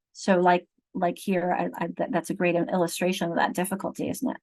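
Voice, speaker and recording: A woman training teachers online over a video call, explaining patiently and slowly sounding out syllables and letters. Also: fairly low pitch, little pitch movement, a little mellow. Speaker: literacy trainer.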